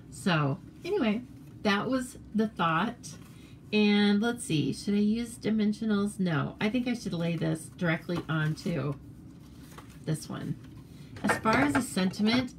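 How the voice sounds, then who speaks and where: A woman's voice: medium pitch, a little hiss or hum. An American woman demonstrating papercraft cards in a casual, chatty tutorial, rambling with fillers and self-corrections.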